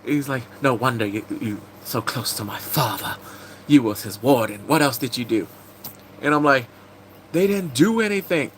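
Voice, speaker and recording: A man casually recapping TV episodes, excitable and rambling, breaking into sudden high squeals. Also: moderate pace, slight background noise, poor audio. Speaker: TV recap host.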